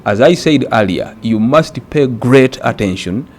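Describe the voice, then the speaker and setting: A man from Uganda teaching an exam-prep grammar lesson, speaking deliberately and repeating words for emphasis. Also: medium pitch, animated.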